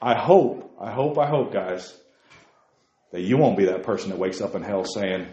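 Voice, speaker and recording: A man preaching a sermon to a youth group, fervent and emphatic, repeating his key phrases and talking fast. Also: on the low side, animated, warm tone, echoey room, muffled recording. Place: meeting room.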